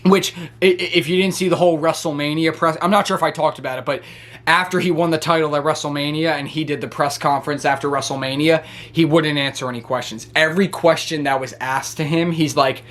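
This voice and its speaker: High-voiced excitable man recapping wrestling. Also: brisk. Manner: excitable, rambling with many restarts. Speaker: wrestling show reviewer. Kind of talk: casual recap commentary.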